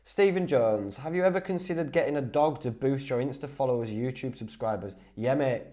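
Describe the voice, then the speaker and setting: A man's voice: medium pitch, brisk, mellow. A young man from Whitby with a North Yorkshire accent, a podcast host answering listener questions in a chatty, laddish way, laughing easily and restarting his sentences. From Whitby, North Yorkshire, England. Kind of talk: casual solo Q&A.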